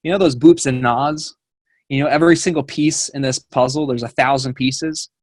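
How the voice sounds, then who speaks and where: A man's voice: mid-range voice, steady tone, moderate pace, no room sound, lightly acted. A man voicing his playful older grandfather, who earnestly and enthusiastically explains things. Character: playful older grandfather, musing over puzzles.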